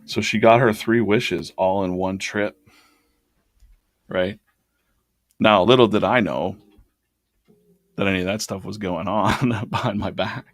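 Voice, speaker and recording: A man's voice: lowish voice, takes it slowly, long pauses, no echo. A man hosting a drawing challenge, casually telling a rambling personal story and acting out the dialogue. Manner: rambling, animated retelling with quoted dialogue.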